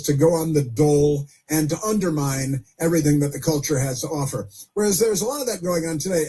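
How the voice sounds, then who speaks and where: A man's voice: fairly high pitch, dark tone, breathy edge. A man hosting a political call-in radio show, chatty, chuckling and often repeating himself. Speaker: radio talk show host.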